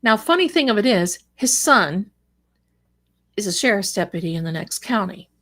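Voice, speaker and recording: A middle-aged woman hosts a live show and tells a story from her own life. She is animated and dramatic, drops wry asides, and her voice sits at an ordinary middle pitch. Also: normal speed. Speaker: psychic show host.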